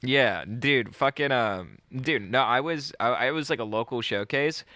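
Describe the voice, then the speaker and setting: A man co-hosting a casual podcast, telling stories and loudly acting out the people in them. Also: medium pitch, unhurried, no room sound, clean studio sound. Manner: lively storytelling with loud quoted voices. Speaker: podcast co-host, comedian. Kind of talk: casual chat.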